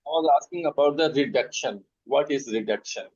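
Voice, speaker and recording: A man's voice: medium pitch, fairly quick, darkish tone, slightly rough, muffled recording. A man, interviewing a coach in a hesitant way, searching for words.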